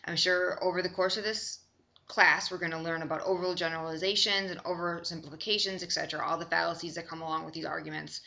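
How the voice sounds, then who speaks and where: A woman's voice: on the low side, flat delivery, quick pace, vocal fry, bright, forceful tone, lo-fi sound. A young woman from Chicago giving a recorded online lecture, conversational and often checking in with "okay?". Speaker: course instructor.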